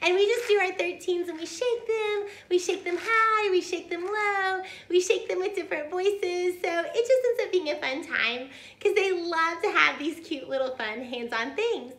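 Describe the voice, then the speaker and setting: A woman's voice: very high-pitched, normal speed, hardly any pauses. A woman tutor sharing upbeat, cheerful teaching tips and showing hand motions as she explains. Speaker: homeschool tutor. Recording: echoey room.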